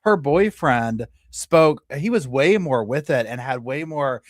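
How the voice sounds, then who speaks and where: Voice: mid-range voice, lively intonation, slow pace, no room sound, clean studio sound. A co-host in a casual true crime chat, playful and giggly, laughing often.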